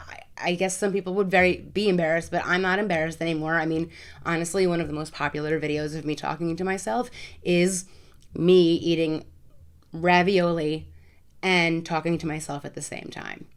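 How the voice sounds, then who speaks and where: A woman vlogger answering viewer questions in a casual, frank way, often repeating words for emphasis. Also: lowish voice. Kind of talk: casual Q&A to camera.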